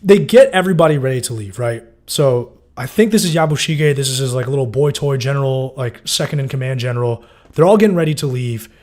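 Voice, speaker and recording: A man giving a loose, casual breakdown of TV episodes, full of fillers and swearing. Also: mid-range voice. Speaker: TV show recapper.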